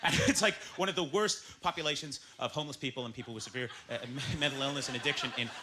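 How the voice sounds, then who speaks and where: A man from Canada doing a stand-up comedy set, fast and animated, jumping into shouts. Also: medium pitch, background noise. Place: comedy club stage with audience. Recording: stage mic with loud audience laughter.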